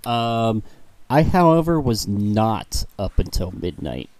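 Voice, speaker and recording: A man co-hosting a podcast in casual chat, unhurried and deadpan, swearing casually. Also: lowish voice, dry recording. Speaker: podcast co-host.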